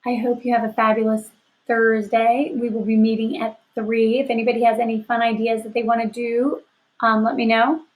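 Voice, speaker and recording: Woman, fourth grade teacher, slightly high voice, upbeat, encouraging, recorded lesson for children. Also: little pitch movement, moderate pace, poor audio. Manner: upbeat, encouraging, asks rhetorical questions. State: sleepy, yawning. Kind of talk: remote class lesson to children.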